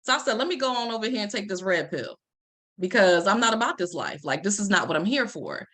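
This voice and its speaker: A woman's voice: mid-range voice, lively intonation, quick pace, a bit bright. A woman, a life coach telling a personal story to an audience and acting out the lines she quotes. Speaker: life coach and Reiki practitioner.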